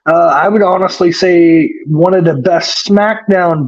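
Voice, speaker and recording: A man's voice: high voice, unhurried, muffled recording. A man co-hosting a wrestling podcast, recapping the show in casual chat and rambling with lots of fillers and swearing.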